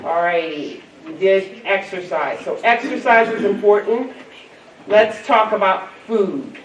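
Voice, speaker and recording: A woman's voice: mid-range voice, a little slow, background noise. Woman keynote speaker, playful and coaxing with a youth audience; distant mic, roomy hall. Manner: lively, coaxing, quizzes the crowd. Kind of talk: interactive talk to a youth audience. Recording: echoey hall from far off, crowd.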